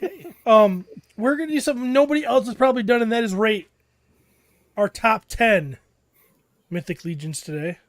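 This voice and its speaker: Playful high-voiced male podcast host. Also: normal speed, pauses often, no room sound. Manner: joking, playful. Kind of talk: casual chat.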